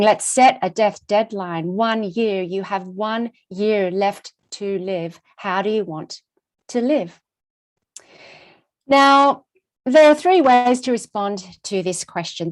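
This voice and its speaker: Her voice mid-range, a middle-aged woman addresses a conference audience with a story about herself. The delivery is rhythmic and expressive, packed with repetition.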